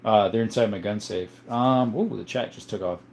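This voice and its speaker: A man hosting a casual livestream from home, reading viewer comments aloud in an easygoing way, chuckling often and thinking out loud. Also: on the low side, moderate pace, vocal fry. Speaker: livestream host.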